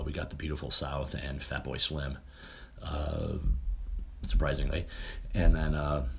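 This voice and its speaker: A man's voice: a bass voice, gravelly. A middle-aged man talking casually and at length, rambling with frequent "uh" fillers and restarts. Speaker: music fan reminiscing. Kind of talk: casual monologue.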